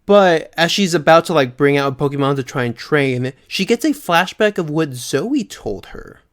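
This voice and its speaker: Smooth-voiced man recapping an episode. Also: on the high side, normal speed. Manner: animated, laughs often, many fillers. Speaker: podcast co-host. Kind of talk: casual recap chat.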